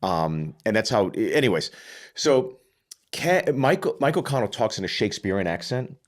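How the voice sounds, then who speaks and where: Male co-host, casual storyteller, lively pitch, quick to laugh. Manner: animated storyteller, laughs often. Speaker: podcast co-host.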